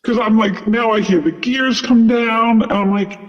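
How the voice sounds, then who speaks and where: A man who works as a flight attendant chats through a casual story, unhurried and high-pitched with fairly even intonation. "Like" and "you know" come up constantly, and the audio is dull with long reverb.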